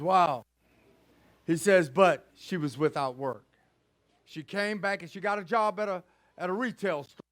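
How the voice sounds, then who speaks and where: High-voiced preacher retelling a story. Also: male voice, fairly bright tone. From Texas. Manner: retells a story, acting out each character's lines. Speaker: pastor. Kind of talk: sermon storytelling.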